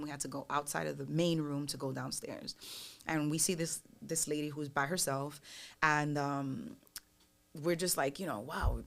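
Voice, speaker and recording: Low, gravelly woman telling stories. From New York. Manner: animated storyteller, acts out other people's voices. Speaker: recording artist guest. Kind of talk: casual podcast chat.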